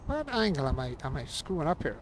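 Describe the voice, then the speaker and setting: A man's voice: a little high, big pitch swings, fast talker, background noise. A man streaming a building game, casually muttering to himself and mocking his own frustration. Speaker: gaming streamer. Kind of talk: casual live-stream commentary while building.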